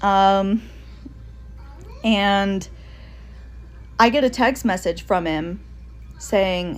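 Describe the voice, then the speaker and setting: A woman's voice: mid-range voice, very slow, pauses often. A woman casually telling a personal ghost story in a social media clip, acting out the voices of the people in it. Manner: animated, acts out quoted voices.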